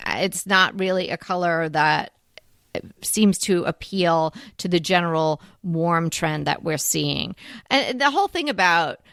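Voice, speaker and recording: A woman's voice: lowish voice, lively intonation, a little slow, vocal fry, a bit bright, no echo, studio quality. A woman co-hosting a home decorating show, talking in a casual, musing way with fillers. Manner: chatty, musing, with fillers and laughs. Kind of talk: casual conversational chat.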